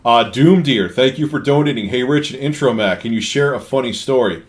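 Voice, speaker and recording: A man's voice: medium pitch, fairly quick. A man live-streaming, telling a rambling story full of restarts and cussing while answering donations. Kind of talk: casual live-stream chat.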